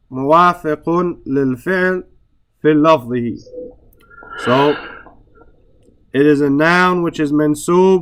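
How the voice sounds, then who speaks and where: A man teaching Arabic grammar in a relaxed way, stressing words for emphasis and often checking in with "right?". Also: on the high side. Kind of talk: relaxed classroom explanation.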